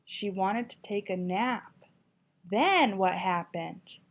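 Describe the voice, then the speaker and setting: Expressive woman teacher reading a story aloud. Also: mid-range voice, slow. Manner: expressive, encouraging questioning. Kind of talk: children's story reading and lesson. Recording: dull lo-fi recording.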